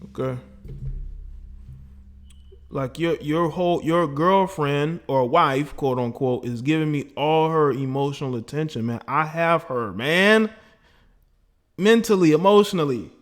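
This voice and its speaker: A man with a fairly high-pitched voice speaks a little slowly and pauses often as he runs a casual call-in livestream. Boastful and laughing, he talks with both his chat and the people calling in.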